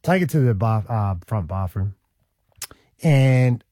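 A man's voice: on the low side, slow, no echo, studio quality. Man telling a story on radio. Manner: animated, conversational, says "man" and "mate" often. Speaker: radio host.

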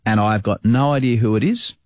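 A man, a sports broadcaster hosting, telling a story in casual chat with quick bursts of speech. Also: lowish voice, darkish tone, dry recording, studio quality.

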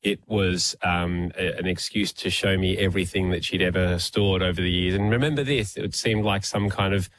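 Low-voiced man telling stories. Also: steady tone, normal speed, hardly any pauses, a bit bright, slight background noise. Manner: dry storytelling, chuckles at own jokes. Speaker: podcast co-host. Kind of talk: casual chat, reading listener emails.

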